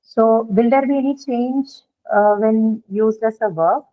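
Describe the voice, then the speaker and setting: A woman's voice: fairly high pitch, unhurried. Woman teacher lecturing on tinny audio. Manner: explanatory, checks in with "right?". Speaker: English teacher. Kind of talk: classroom lecture on word stress. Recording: phone-like lo-fi classroom audio.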